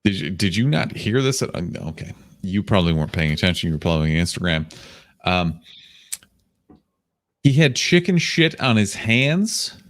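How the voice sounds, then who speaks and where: A man's voice: deep voice, big pitch swings, moderate pace. A man co-hosting a podcast, sarcastic and argumentative, bluntly needling his co-host in casual chat. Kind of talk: casual chat, movie review.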